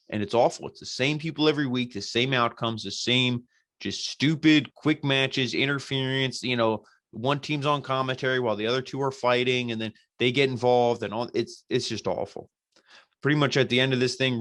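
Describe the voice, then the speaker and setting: A man's voice: mid-range voice, a bit bright, no echo. A man hosting a podcast, recapping a show casually in a blunt, profane, exasperated way. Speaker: podcast host reviewing wrestling.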